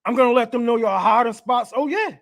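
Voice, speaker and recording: A man's voice: extremely high pitch, brisk, a bit bright. A man giving a casual political rant, profane and heated, laughing often as he talks. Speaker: political commentator.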